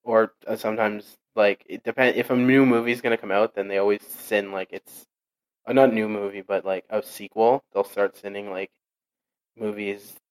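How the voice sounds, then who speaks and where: A young man with a low voice talks loosely in a relaxed conversation. He rambles and keeps restarting his sentences, piling up fillers as he goes. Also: moderate pace, clear, resonant tone, rough recording. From Portuguese heritage. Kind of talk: casual chat.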